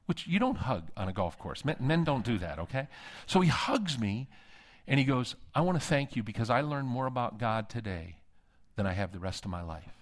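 A man preaching to a conference crowd, telling a story in an animated way and acting out each line of dialogue. His voice sits in a middle register. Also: mid-range voice. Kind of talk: sermon. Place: conference hall.

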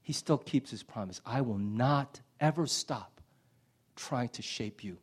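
A middle-aged male pastor preaching a sermon with passion, swinging from loud emphasis to hushed near-whispers. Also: mid-range voice, a little slow, husky.

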